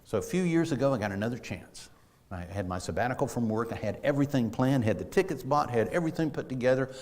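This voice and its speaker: Speaking fast with a medium pitch, lively intonation and a darkish tone, a middle-aged man delivers a conversational sermon in a church sanctuary. His storytelling is folksy and full of restarts, and the long reverb of the church hall is audible.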